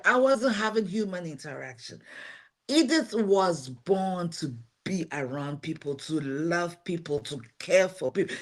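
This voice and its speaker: Here a woman of medium, slightly bright pitch talks on a livestream show about her dual life as a pastor and home care agency owner. She's not from America, and her earnest delivery keeps circling back to key phrases for emphasis.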